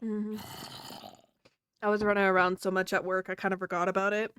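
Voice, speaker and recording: A woman's voice: mid-range voice, flat delivery, a little fast, fairly bright tone, smooth, no room sound. A woman streaming and chatting casually while gaming, teasing and laughing often.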